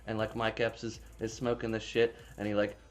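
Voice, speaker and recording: A man's voice: on the low side, completely flat delivery, brisk. A man casually retelling a movie plot in a rambling, profane, filler-heavy way. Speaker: movie reviewer. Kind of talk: casual spoiler recap.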